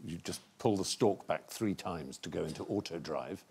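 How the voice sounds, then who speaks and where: Speaking at a moderate pace in a low voice, this talk show guest livens up his anecdotes by performing the other people's lines himself. The setting is a TV studio with an audience.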